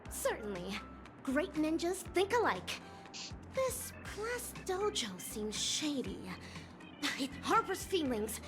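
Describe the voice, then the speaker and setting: A woman reading a wary female ninja warrior's game lines in a grave, measured put-on voice. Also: high-pitched, big pitch swings, music in the background, voice pushed up, exaggerated voice. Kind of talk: reading game dialogue aloud.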